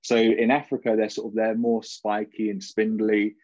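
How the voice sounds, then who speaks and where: A man's voice: fairly low pitch, completely flat delivery, normal speed, darkish tone, no echo. Jokey British man giving a talk. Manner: informal and jokey. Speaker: PhD student presenter. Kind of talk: academic conference talk. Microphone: video call. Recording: dull, dry video call audio.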